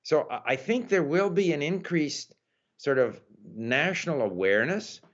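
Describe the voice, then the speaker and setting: A man giving thoughtful, conversational answers as an interview guest, pausing often with "uh" and "you know.". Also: fairly high pitch, lively intonation. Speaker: interview guest, language learner. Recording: dull lo-fi audio.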